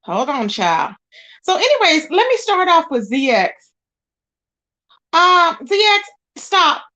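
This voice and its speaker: A woman's voice: very high-pitched, big pitch swings, slow, sharp tone. A woman hosting a casual livestream, greeting viewers and chatting while she searches her screen. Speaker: livestream host.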